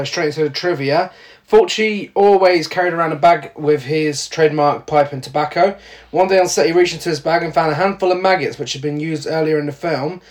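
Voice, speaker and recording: A man co-hosting a film podcast, chatting casually and joking easily. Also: on the high side. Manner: jokey, laughs easily. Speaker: podcast co-host.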